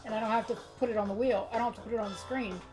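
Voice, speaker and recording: Quick-talking woman co-host. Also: on the high side, fairly even intonation, loud music behind the voice. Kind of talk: casual live-stream chat.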